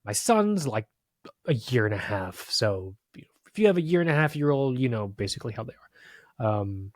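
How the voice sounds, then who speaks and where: A man's voice: mid-range voice, dry recording, studio quality. A man co-hosting a podcast, telling a story in casual chat, swearing a lot and restarting his sentences often. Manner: profane, rambling storytelling with many restarts. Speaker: podcast co-host. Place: podcast studio.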